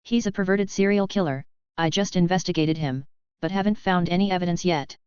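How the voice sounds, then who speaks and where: A scarred, world-weary male assassin answers tersely and earnestly, as a woman narrator reads him in a low, smooth voice. The recording is dry and a bit muffled. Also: fairly even intonation, brisk, a little mellow, no echo, close to an everyday voice. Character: scarred, hoarse middle-aged male assassin.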